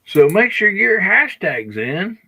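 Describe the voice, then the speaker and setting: Man hosting a live show: bright, gravelly tone, lively pitch, has the hiccups. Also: slow pace. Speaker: podcast host. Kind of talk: casual livestream chat.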